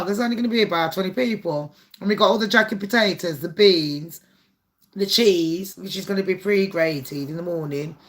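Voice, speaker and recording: A woman's voice: mid-range voice, fairly bright tone. A woman hosting a casual live stream, chatty, swearing freely and laughing often. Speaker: livestream host.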